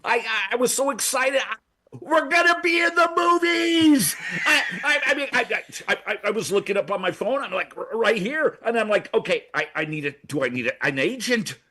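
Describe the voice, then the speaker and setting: A man's voice: very high voice, expressive, normal speed, pushed and bright. A man on a comedy radio show, rambling frantically with constant stammers and restarts. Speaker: recurring comedy segment guest. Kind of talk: excitable comedic radio chat. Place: radio studio.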